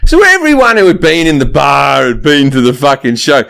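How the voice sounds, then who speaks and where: A man's voice: on the high side, huge pitch swings, normal speed, gravelly, fairly bright tone, clear, resonant tone. Self-mocking man with a raised voice. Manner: self-mocking, laughing storytelling with swearing. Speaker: comedian guest. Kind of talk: casual chat.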